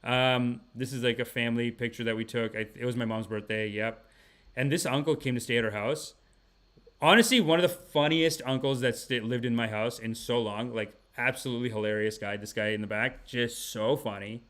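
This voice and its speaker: A man hosting a comedy podcast, telling rambling casual stories with animated energy and frequent laughter. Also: medium pitch, a little fast. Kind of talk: casual comic storytelling.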